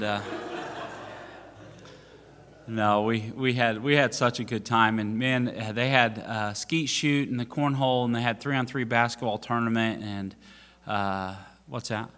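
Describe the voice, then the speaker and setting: A man serving as pastor tells a rambling, self-mocking story from the pulpit, full of "uh"s and restarts. His voice has a bright, tense edge. A long reverb from the church sanctuary trails each phrase. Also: medium pitch. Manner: joking, self-mocking, many fillers and restarts.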